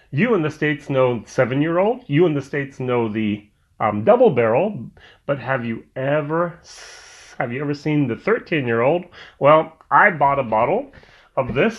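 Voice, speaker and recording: Rambling man reviewing whiskey, dull audio. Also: on the high side. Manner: rambling, full of "um" and restarts. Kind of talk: casual review vlog.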